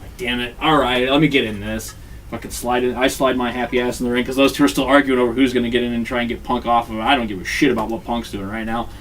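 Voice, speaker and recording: A man's voice: medium pitch, fast, distant mic, slight background noise. A man hosting a podcast, casually telling a wrestling story with lots of swearing and acted-out quotes. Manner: profane, animated, acts out quotes. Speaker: podcast host recapping a wrestling game.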